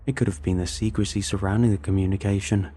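A man narrating a first-person sci-fi story in a measured, tense manner. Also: sits low, fairly even intonation, dark tone, slight background noise.

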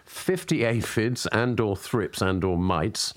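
A man co-hosting a casual chat, deliberately reading out lists of odd facts in a dry manner. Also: fairly low pitch. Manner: dry, deliberate listing of figures. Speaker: podcast co-host.

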